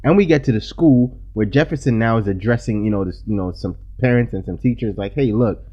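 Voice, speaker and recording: A man co-hosting a podcast, recapping a TV episode in casual chat with quick asides and self-corrections. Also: fairly low pitch. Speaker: podcast co-host. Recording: lo-fi podcast audio.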